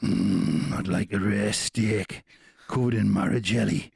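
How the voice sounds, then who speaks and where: A man putting on a deadpan male comedian's voice for a slow restaurant sketch, drawn out and droning. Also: lowish voice, gravelly, husky, no echo, clean studio sound, voice pushed down, full character voice.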